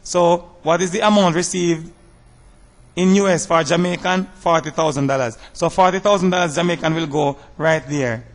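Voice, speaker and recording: Man teaching with a reverberant sound. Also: fairly high pitch. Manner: measured, step-by-step explaining with rhetorical questions. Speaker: math teacher. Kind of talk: slide-based math lesson.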